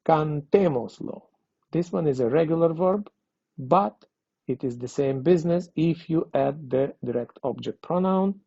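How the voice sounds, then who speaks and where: This language teacher's mid-range voice is gravelly, dark and slightly rough as he patiently explains grammar, repeating things and checking understanding with "okay?". It's a dull, dry, lo-fi recording without echo.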